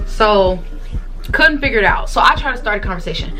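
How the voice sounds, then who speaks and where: A woman's voice: medium pitch, expressive, moderate pace, sharp tone, faint music behind. A young woman telling a casual storytime in her bedroom, chatty and slangy, talking straight to her viewers on camera. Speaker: vlogger.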